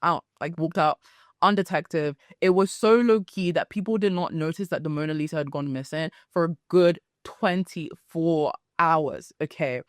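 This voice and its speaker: A young woman hosting a solo podcast, telling stories in a chatty, animated way with frequent asides. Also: sits low, normal speed, dry recording, studio quality. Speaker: podcast host. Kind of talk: casual solo podcast chat.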